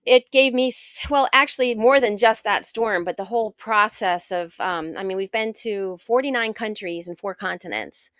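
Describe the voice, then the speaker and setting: A middle-aged woman from the United States tells her story as an interview guest, lively and quick to act out the voices of others. Her voice sits at an ordinary middle pitch. The sound is dry and close, with no room around it. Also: no echo. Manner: animated, acts out quoted dialogue. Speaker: guest author and world sailor.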